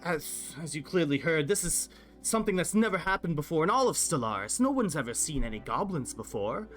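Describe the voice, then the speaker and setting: A man's voice: a little high, very animated, fairly quick, a bit bright, faint music behind. A man voicing an earnest, worried bird-folk townsman pleading for help.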